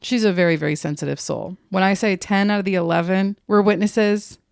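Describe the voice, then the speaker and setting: A woman co-hosting a podcast, telling a spooky story in a casual, jokey, profane way with quick asides. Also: medium pitch, creaky, clean tone, no room sound, clean studio sound.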